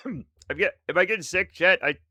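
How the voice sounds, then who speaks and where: A man chatting live with his viewers, rambling in an excitable, self-mocking way. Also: sits high, unhurried, dry recording. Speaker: streamer. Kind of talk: casual live-stream chat with viewers.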